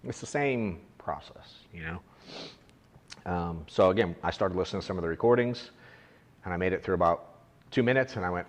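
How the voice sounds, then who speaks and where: A man's voice: sits low, fairly quick, in a large hall. A man who runs an agency, coaching his agents in a casual, blunt way with the odd swear word. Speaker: agency owner training agents. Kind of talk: casual coaching talk to a room. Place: office meeting room.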